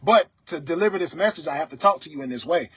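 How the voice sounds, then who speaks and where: Loud, stern man preaching to his viewers. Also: fairly high pitch, animated, quick pace, slightly rough, no echo. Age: adult, father of several children. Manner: dialect grammar, repeated "you understand me?". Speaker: livestream host. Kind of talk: motivational talk to viewers.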